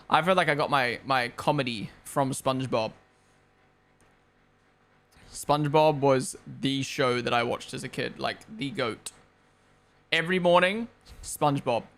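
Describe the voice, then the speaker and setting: Hosting a race watchalong on a live stream, a young man from Australia or New Zealand talks casually into a gaming headset. He rambles, gives plenty of opinions and swears freely, and his mid-range voice sounds a bit bright.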